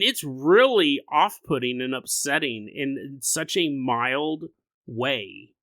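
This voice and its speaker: A man hosting a paranormal podcast, talking casually in a rambling, animated way and laughing often. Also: a little high, no echo. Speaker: podcast host. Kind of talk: casual solo podcast talk.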